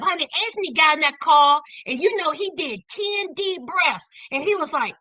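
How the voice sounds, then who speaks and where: A woman hosting a casual TV recap, sassy and animated, talking straight to her viewers. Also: high-pitched, moderate pace, no echo. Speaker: recap show host.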